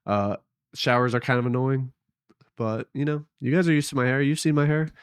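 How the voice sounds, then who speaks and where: A young man talks into a headset mic at home, rambling and hesitant, often doubting himself aloud. His voice sits at an ordinary middle pitch. The sound is close and dry with no room echo. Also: steady tone, brisk, clear, resonant tone. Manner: rambling, hesitant, self-deprecating. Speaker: vlogger. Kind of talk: casual late-night vlog.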